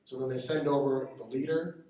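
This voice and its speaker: A man's voice: medium pitch, fairly even intonation, a little fast, dark tone. A man doing a stand-up comedy set at a live benefit show, telling punchy, irreverent stories. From United States. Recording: echoey hall from far off, faint noise.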